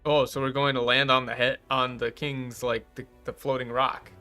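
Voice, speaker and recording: A man's voice: mid-range voice, little pitch movement, moderate pace, pushed and bright, faint music behind. A man chatting casually on a game stream, joking and riffing while reacting to a translation.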